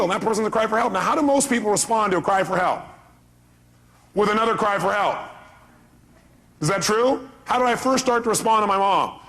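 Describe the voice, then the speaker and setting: A man's voice: sits high, brisk, pauses often, fairly bright tone, slight background noise. A middle-aged man giving a live seminar talk as a motivational speaker, emphatic and firing rhetorical questions at the audience.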